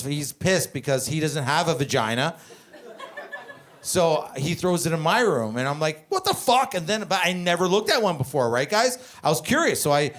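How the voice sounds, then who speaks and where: A man in his twenties from Canada doing stand-up, telling family stories in a profane, animated, rambling way. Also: on the high side. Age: 20s. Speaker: stand-up comedian. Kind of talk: stand-up comedy storytelling.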